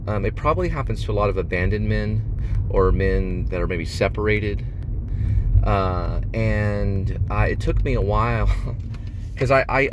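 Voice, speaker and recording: A middle-aged man talking casually about his new play, rambling with halting restarts and fillers. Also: low voice, background noise. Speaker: playwright. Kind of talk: casual talk to camera.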